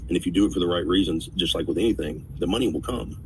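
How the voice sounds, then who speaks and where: Deep-voiced, fast-talking trucker man. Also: recorded from a distance, a little hiss or hum, low-quality recording. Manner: preachy advice to drivers, emphatic. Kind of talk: casual podcast chat.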